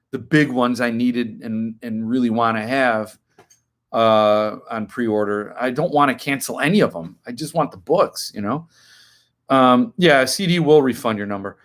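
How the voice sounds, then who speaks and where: A man's voice: medium pitch, a bit bright. A man in his fifties hosting a live stream, chatting casually as he answers viewers' comments and now and then flaring into indignant rants.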